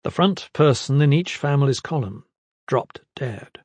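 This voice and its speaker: Brief: male audiobook narrator, measured dramatic delivery, middle pitch, dead-dry booth sound. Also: lively intonation, darkish tone, slightly rough, no room sound. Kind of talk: scripted fantasy narration.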